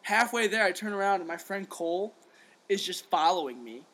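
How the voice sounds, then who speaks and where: Animated young man telling a story. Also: high voice, fairly quick. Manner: animated, swears freely, acts out quotes, laughs often. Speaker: podcast co-host. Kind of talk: casual storytelling chat.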